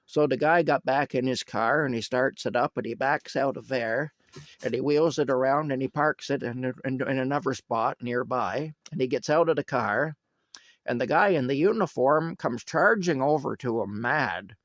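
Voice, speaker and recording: A man's voice: medium pitch, normal speed, no echo. A man telling a rambling story casually, with chuckles and asides.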